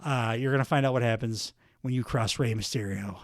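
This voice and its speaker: A man plays a calm, veteran Mexican male wrestler, giving low, measured warnings in a put-on Mexican Spanish accent. The sound is close and dry. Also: dry recording, natural voice. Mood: stern.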